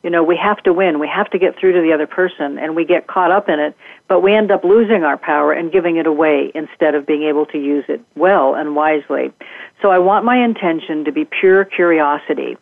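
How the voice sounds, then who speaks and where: A woman explains her ideas in a calm, measured way as an interview guest, her voice soft and thoughtful. She comes through a narrow, tinny phone line with no room sound around her. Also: sits low, gravelly, no echo. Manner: gentle, reflective, measured. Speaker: guest communication trainer. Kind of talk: conversational interview.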